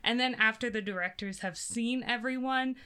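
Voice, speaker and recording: A woman's voice: on the high side, normal speed, bright, forceful tone, clean tone. A young woman, a community theater actor, chatting casually as an interview guest and laughing easily.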